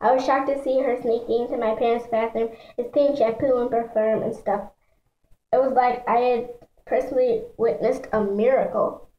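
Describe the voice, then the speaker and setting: A woman's voice: fairly high pitch, steady tone, normal speed, echoey room, highs cut off. A woman reading a children's book aloud in a chatty way, stumbling over words and adding asides for her listeners. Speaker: reader.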